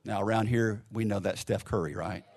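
A man preaching a sermon, telling a story in a casual, conversational way, dropping to a soft hush for gentle lines and leading a closing prayer. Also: lowish voice, moderate pace, creaky. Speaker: pastor.

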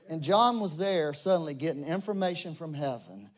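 A man preaching with a drawl. His voice sits a bit high for a man. He talks right to the congregation, shifting from loud emphatic bursts to quiet low asides. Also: expressive, normal speed, few pauses. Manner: conversational, addresses congregation directly. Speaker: pastor. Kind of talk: sermon.

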